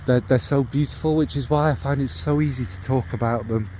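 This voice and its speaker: A man's voice: medium pitch, a little fast, slight background noise. A man, talking casually and at length to his vlog audience, rambling and enthusiastic. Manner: rambling, warm and enthusiastic about scents. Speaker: fragrance vlogger. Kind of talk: casual rambling chat to camera.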